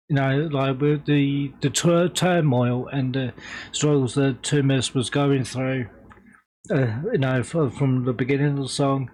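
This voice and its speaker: Slow, halting, choked-up man. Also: medium pitch, low-quality recording. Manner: halting, emotional, many restarts and fillers. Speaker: music reaction host. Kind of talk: casual reaction commentary.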